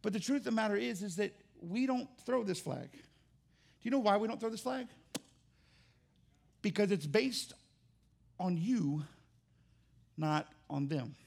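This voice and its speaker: A man's voice: high voice, lively intonation, a little slow, vocal fry, long pauses, darkish tone. A man pastor preaching a sermon, emphatic and jokey, with rising exclamations.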